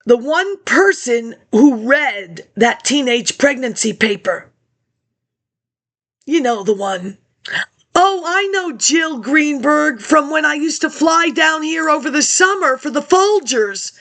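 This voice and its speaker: A woman's voice: high voice, expressive, slow, a bit bright. A woman rambling through old archive documents in a scattered monologue, answering herself in asides. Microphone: laptop webcam.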